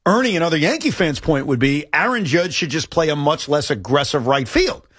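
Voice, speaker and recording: A man hosting a sports talk radio show, making his case with a lively, rising and falling delivery. His voice sits a bit high for a man. The studio sound is dry and close. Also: fairly quick, slightly rough, dry recording.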